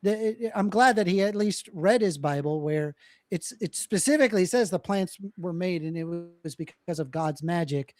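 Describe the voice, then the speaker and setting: A woman's voice: on the low side, lively intonation, moderate pace, darkish tone, no echo, studio quality. A woman debater on a live stream, explaining her points with hesitant restarts and blunt dismissals.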